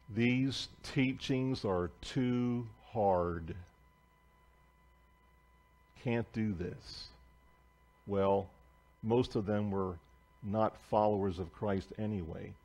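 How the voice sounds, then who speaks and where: A male pastor preaching in a church at an unhurried, deliberate pace. His voice sits at an ordinary middle pitch, and he tells his story with emphasis, rising to loud declarations and then dropping to hushed asides. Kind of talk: sermon. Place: church sanctuary.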